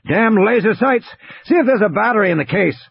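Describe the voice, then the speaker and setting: A man's voice: sits high, animated, fairly quick, gravelly, breathy edge, dry recording, pitched above the performer's own voice, heavily acted. A man reading an audiobook, voicing a blunt, curt, tough game warden in short clipped sentences. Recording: dry, slightly dull audiobook recording.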